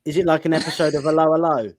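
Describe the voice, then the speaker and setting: A man's voice: on the high side, steady tone, racing, no room sound. A British man hosting a podcast, explaining things in casual chat with loose, repeated phrases. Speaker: podcast host.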